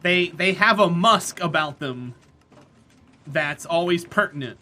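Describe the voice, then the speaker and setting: A woman's voice: on the low side, expressive, a little slow, pushed and bright. A woman streaming a game live and chatting casually with viewers, blunt and opinionated as she answers them by name. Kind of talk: casual live-stream chat while gaming.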